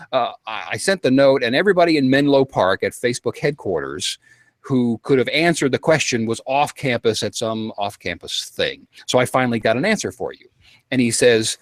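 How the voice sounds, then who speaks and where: A man telling a long story to a panel in a casual, animated way, acting out quotes and getting worked up. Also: mid-range voice, moderate pace, dry recording.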